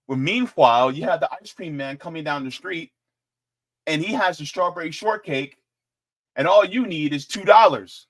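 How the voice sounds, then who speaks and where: A man hosting casual political commentary in an animated, joking way, with chatty asides. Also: fairly high pitch, normal speed.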